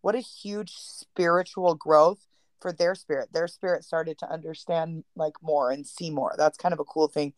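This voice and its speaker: A woman hosting a casual talk, speaking haltingly with many fillers. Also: low-pitched, steady tone, no echo. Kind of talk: casual chat.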